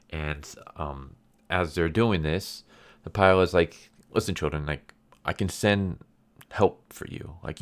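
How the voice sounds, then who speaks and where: A man's voice: very deep voice, a bit bright, clear, resonant tone. A man casually retelling a comic's plot in a rambling way, full of fillers and restarts. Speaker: comic reviewer.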